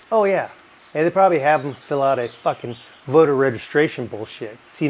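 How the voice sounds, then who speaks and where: A man's voice: fairly high pitch, a little mellow, poor audio. A middle-aged man reviewing bourbon in a casual, rambling way, swearing often and drifting into rants. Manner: profane, rambling, ranting. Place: home in California.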